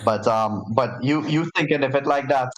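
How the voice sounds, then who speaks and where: A man's voice: mid-range voice, normal speed, a bit bright, rough recording. A man acting as game master, narrating a tabletop game in a casual way with many fillers and restarts.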